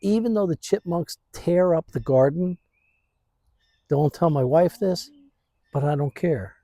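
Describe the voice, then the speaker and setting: Slow easygoing man, casual vlog chat, mellow voice, dry outdoor sound, phone on a stand. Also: fairly high pitch, dry recording. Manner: laid-back, rambling, says "man" and "dude" a lot. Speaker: vlogger. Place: outdoors in his backyard.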